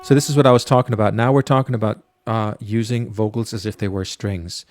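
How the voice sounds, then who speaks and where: A man, a music producer, casually talking through a studio mixing tutorial with many pauses and fillers. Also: on the low side, fairly even intonation, darkish tone. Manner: casual, hesitant, lots of fillers.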